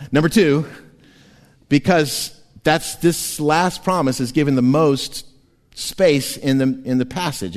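Animated preacher in a reverberant hall. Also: male voice, medium pitch. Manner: animated, playful, breaks into laughs and voices. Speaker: pastor. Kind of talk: sermon. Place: church sanctuary. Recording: long church hall reverb.

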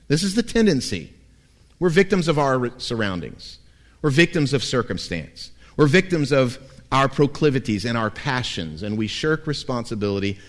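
A man, a pastor, preaching a sermon in an animated way with wry humor. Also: on the low side.

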